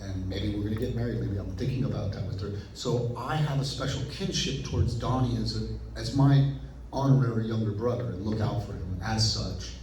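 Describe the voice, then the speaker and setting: A man being interviewed as an actor guest, telling stories animatedly and acting out his own past thoughts in quick asides. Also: fairly low pitch, fairly even intonation, crowd noise. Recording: roomy echo, picked up from a distance.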